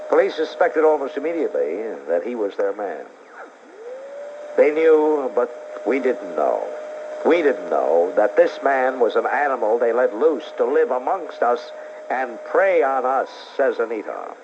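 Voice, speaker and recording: A man hosting call-in talk radio, combative and indignant. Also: mid-range voice. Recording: dull lo-fi radio tape with hiss.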